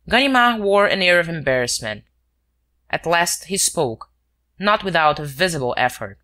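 A bright, clear reading voice narrating a classic detective novel. The delivery is measured and steady, every sentence laid out evenly for the listener. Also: mid-range voice. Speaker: audiobook narrator.

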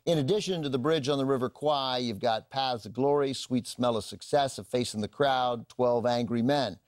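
A man introduces a classic film in a measured, informative way, reading down lists of titles. His voice sits in a middle register. The studio sound is dry and close. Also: medium pitch, dry recording. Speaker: classic film channel host.

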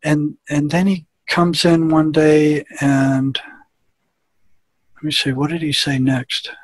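Husky-voiced man telling a story. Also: a little high, level tone, takes it slowly, no echo. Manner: plain-spoken, acts out quoted dialogue. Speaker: guest, former prison therapist. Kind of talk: anecdotal storytelling in conversation.

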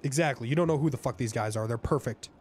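A man's voice: medium pitch, fast, a little mellow, a little hiss or hum. A man roleplaying a crook in a game, talking in a profane, rambling, conspiratorial way. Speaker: roleplay streamer playing a crook.

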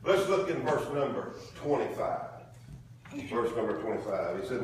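A man's voice: mid-range voice, lively intonation, normal speed, slight background noise. A man preaching a sermon in a folksy, colloquial way, drawing call-and-response from the congregation. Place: church sanctuary. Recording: echoey room from far off.

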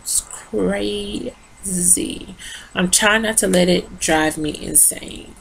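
Gravelly, low-voiced woman rambling casually. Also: measured pace, a bit bright, a little hiss or hum. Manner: rambling, talks straight to viewers as y'all. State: tired. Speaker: beauty vlogger. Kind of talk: casual rambling product review. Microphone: phone.

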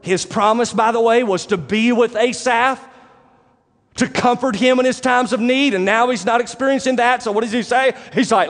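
A male pastor preaching a sermon, animated and conversational, asking the congregation direct questions. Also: extremely high pitch, moderate pace. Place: church sanctuary. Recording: long church reverb.

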